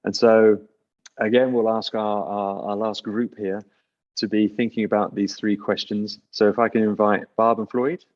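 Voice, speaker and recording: Low-voiced man hosting a church call. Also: normal speed, highs cut off. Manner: relaxed, joking, invites others in turn. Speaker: church host. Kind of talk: online church discussion. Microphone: video call.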